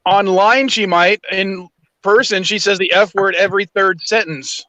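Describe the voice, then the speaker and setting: High-voiced man telling dry anecdotes. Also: unhurried, sharp tone, no echo, rough recording. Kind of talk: casual chat.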